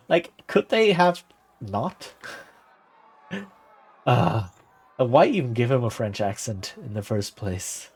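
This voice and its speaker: A man's voice: medium pitch, animated, slow pace, pauses often, darkish tone, husky. Chatty male game streamer. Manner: chatty, laughs often. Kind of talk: casual game commentary.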